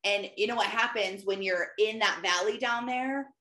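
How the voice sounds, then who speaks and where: A woman's voice: mid-range voice, moderate pace, sharp tone. A woman Christian life coach giving an emphatic, conversational motivational talk, often repeating phrases. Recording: roomy echo.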